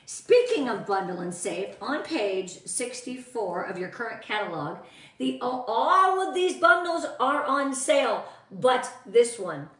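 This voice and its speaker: A woman's voice: fairly high pitch, very animated, unhurried, a bit bright, far from the mic. A woman leading a casual live-stream training for her sales team, bubbly and chatty, greeting viewers by name as she shows products. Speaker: team leader of sales consultants. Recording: echoey room, voice off-mic.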